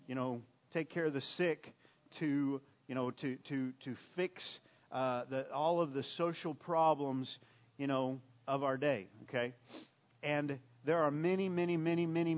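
A man preaching a sermon, emphatic and repetitive, swinging from loud bursts to hushed lines. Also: fairly high pitch, dull audio. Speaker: pastor.

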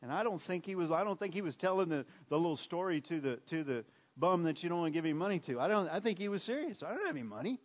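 A man preaching a sermon, emphatic and repetitive, swinging from loud bursts to hushed lines. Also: fairly high pitch, quick pace, lo-fi sound. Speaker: pastor.

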